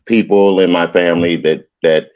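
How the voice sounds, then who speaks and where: A man talking as a guest in a casual chat, speaking slowly and earnestly with some halting restarts. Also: deep voice, steady tone, a little mellow, smooth. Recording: dull lo-fi sound.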